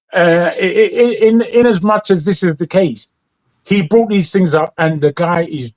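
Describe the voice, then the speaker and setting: A man hosting a news commentary show, his voice sitting a little high for a man. He rambles and restarts, hammering his points with indignation. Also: poor audio. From England. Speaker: host.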